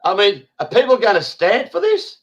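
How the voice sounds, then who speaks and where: Brief: Aussie male host, blunt and irritable, swears freely, slightly high voice, video call. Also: huge pitch swings, moderate pace, low-quality recording. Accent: Australian. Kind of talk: casual online roundtable chat.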